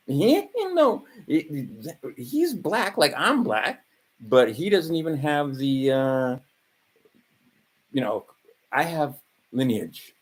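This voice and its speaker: A man's voice: medium pitch, breathy edge, poor audio. A man of around 60 from Hawaii, rambling through a profane vlog monologue full of fillers and asides. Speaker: vlogger.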